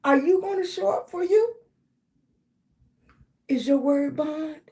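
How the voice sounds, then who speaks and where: A middle-aged woman hosts a motivational livestream. She talks slowly and pushes each affirmation again and again, calling her viewers baby. Her voice sits a little high. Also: a little mellow. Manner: emphatic, repetitive affirmations, calls viewers baby. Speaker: livestream host.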